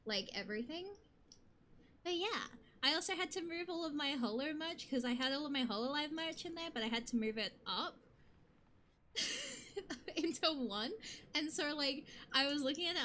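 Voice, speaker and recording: Young woman, streamer, bubbly rambling chat, bright sharp voice, slightly high, faint hiss behind. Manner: bubbly, rambling, quick to laugh.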